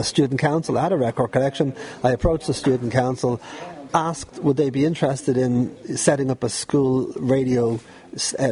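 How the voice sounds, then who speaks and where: A middle-aged man from Dublin, Ireland, with a Dublin accent, is a former pirate radio DJ appearing as a guest in a relaxed storytelling interview. He is chatty and rambling, laughing often as he tells stories in a warm, mid-range voice.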